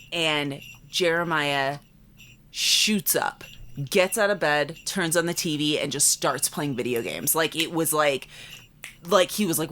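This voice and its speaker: Woman in her late 20s, low voice, chatty ghost story full of "like"s, bit of faint hiss behind. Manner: animated, acts out quotes, many "like" fillers. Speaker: podcast co-host. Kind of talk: casual storytelling.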